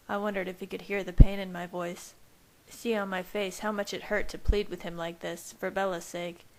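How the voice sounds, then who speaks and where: A woman reading fanfiction aloud as first-person narration in a steady, even manner. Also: mid-range voice, normal speed, poor audio. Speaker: fanfiction reader. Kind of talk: audiobook-style narration.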